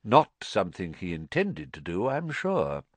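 A man voicing a calm, kindly old headmaster wizard who talks slowly and softly in a storybook reading. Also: deep voice, dry recording, full character voice. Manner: slow, soft, gentle and thoughtful.

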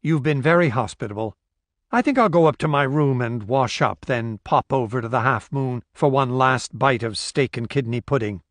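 The narrator plays a courteous guest close to his own voice, measured and reserved. The recording is close and dry. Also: mid-range voice, no echo, lightly acted. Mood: polite.

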